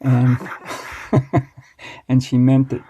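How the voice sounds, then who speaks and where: An American man in his sixties, a master baker, telling stories from his past in a relaxed, wry way as an interview guest. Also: medium pitch, drawn-out words. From United States. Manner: relaxed, reflective, wry storytelling. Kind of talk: storytelling interview answers.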